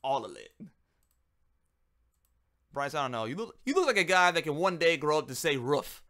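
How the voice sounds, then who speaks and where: A man chats loosely on his livestream as he works, drifting between jokes and quiet muttering. His voice has a gravelly edge. His pitch rises and falls a lot. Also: big pitch swings, moderate pace. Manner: rambling, joking, muttering to himself. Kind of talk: casual livestream chat while working.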